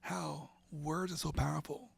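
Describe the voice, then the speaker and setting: A man's voice: fairly high pitch, steady tone, a little slow, creaky, breathy edge. A middle-aged man from central Florida, an interview guest, telling an emotional story in a rambling way, often saying "and all of a sudden" and sometimes dropping almost to a whisper.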